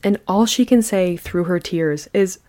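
A woman's voice: fairly low pitch, measured pace, mellow. A woman hosting a podcast, telling a true crime story with chatty asides. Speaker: podcast host.

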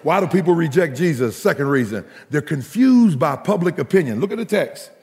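A man preaching a sermon in an animated, humorous way that builds to shouted crescendos. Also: on the high side, a little fast, big-room sound.

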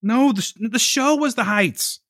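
A man's voice: very high-pitched, normal speed, a bit bright, no room sound, studio quality. A man co-hosting a casual podcast, arguing heatedly, swearing and laughing often. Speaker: podcast co-host. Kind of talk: casual chat.

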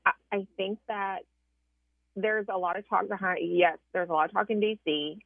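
A woman with a Southern US accent, a political correspondent calling in, explaining things in a measured way with some hesitations. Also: mid-range voice, steady tone, creaky, no room sound. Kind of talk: phone-in interview. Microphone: phone. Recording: tinny dry phone line.

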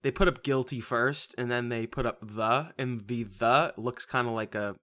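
A man's voice: mid-range voice, normal speed. A man co-hosting a casual podcast, animatedly recapping a movie plot and laughing often. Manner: animated storytelling, breaks into laughter. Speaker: podcast co-host.

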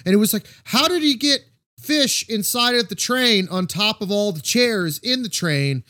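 A man co-hosting a podcast, telling crude, animated stories in casual chat. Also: high voice, moderate pace. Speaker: podcast co-host. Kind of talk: casual movie-riffing chat.

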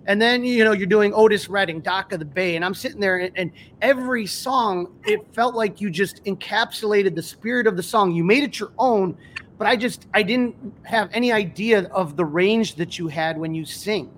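A man with a notably high voice hosts a casual podcast interview. He builds his questions slowly and haltingly, repeating words as he gathers his thoughts. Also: fairly bright tone, slight background noise.

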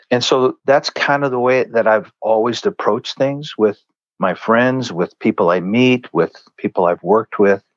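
A man's voice: mid-range voice, no echo, lo-fi sound. A man speaking as a guest in an earnest, conversational way, telling stories and acting out what others said. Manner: earnest, conversational, acts out quoted lines. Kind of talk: storytelling in a faith interview.

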